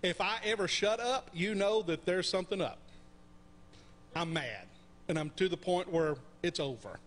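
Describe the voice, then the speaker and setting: A man's voice: sits high, expressive, normal speed, fairly bright tone. A middle-aged man preaching a conversational sermon, often checking in with the congregation with questions. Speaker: pastor. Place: church sanctuary.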